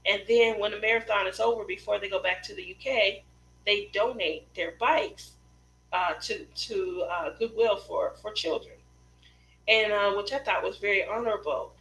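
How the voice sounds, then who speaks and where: A woman's voice: mid-range voice, moderate pace, fairly bright tone, reverberant, rough recording. A woman in her forties hosting a casual craft livestream, chatting and telling stories in a laughing, self-deprecating way from indoors at home. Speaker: craft channel host.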